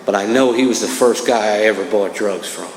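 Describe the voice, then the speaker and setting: At a recovery meeting in a church hall, a New Jersey man speaks as the AA speaker, telling his story in a casual, streetwise style that keeps returning to "man." His voice is on the low side and brisk. The echoey hall adds long reverb, with a little hiss or hum.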